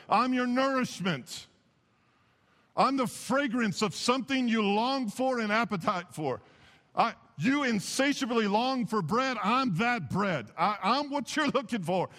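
Male pastor, fairly high voice, sermon delivery that moves from hushed to emphatic, long church reverb. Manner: impassioned, swings from hushed to emphatic. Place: church sanctuary.

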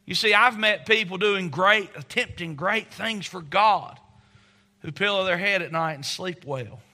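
Middle-aged pastor guy preaching, high bright voice, tells stories with lots of drama. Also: unhurried. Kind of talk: sermon.

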